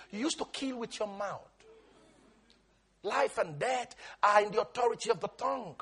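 High-voiced pastor guy preaching, kinda husky, yells scripture and gets the crowd to say stuff back. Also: expressive, fairly quick. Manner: preaching with calls and responses, rising to shouts; quotes scripture in King James wording. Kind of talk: sermon.

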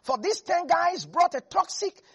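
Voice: very high voice, lively intonation, unhurried, fairly bright tone. A preacher delivering a sermon in an emphatic style, repeating phrases and chuckling between points.

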